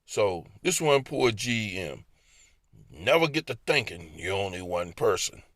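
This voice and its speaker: This man's lowish, fairly bright voice is very animated yet measured in pace as he shares personal stories in a Baltimore accent. He laughs a lot while voicing what goes on in his head, captured in a dry, studio-quality recording.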